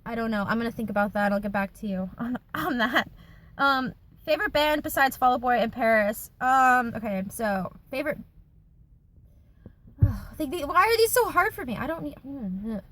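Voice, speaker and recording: A YouTuber in her twenties chats casually in a Q&A vlog filmed in her car, full of fillers and giggles. Her voice is a little high and a bit bright, expressive, at normal speed.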